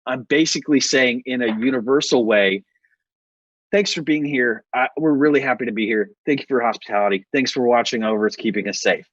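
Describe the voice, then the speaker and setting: A man's voice: mid-range voice, fairly quick, a bit bright, dry recording. American male podcast guest, loose storyteller, laughs a lot, dry dull sound. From United States. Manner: rambling, self-correcting, laughs often. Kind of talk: casual interview storytelling.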